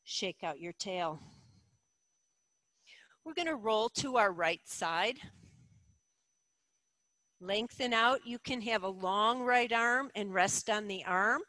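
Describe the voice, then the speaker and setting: A middle-aged woman leading a yoga class, giving calm, encouraging cues with slow, deliberate phrasing. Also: mid-range voice, no room sound, poor audio. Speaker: yoga instructor. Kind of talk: guided yoga instruction.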